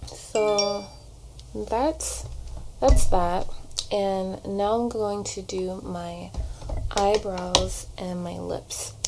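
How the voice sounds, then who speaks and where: Gravelly-voiced woman chatting casually. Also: medium pitch, steady tone, very slow, background noise. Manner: chatty, rambling, many "like" fillers. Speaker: vlogger and actor. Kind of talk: casual get-ready-with-me chat. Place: at home, doing makeup in front of a mirror. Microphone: camera propped on a shelf.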